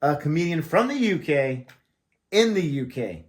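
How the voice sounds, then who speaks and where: A man's voice: fairly high pitch, big pitch swings, normal speed. A man from the United States hosting a reaction channel, joking and chatting casually with a friend at that friend's house. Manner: jokey, chatty, laughs often. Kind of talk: casual chat.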